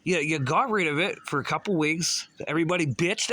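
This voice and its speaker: A man's voice: a little high, brisk, few pauses, pushed and bright. A man from the Pittsburgh area, delivering an agitated, sarcastic, profane rant and stumbling over his restarts. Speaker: vlogger.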